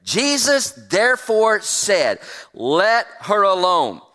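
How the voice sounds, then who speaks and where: A man's voice: high voice, huge pitch swings, slow pace, bright, forceful tone. A man preaching a sermon as pastor, folksy and emphatic, stretching out key words. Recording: long hall reverb.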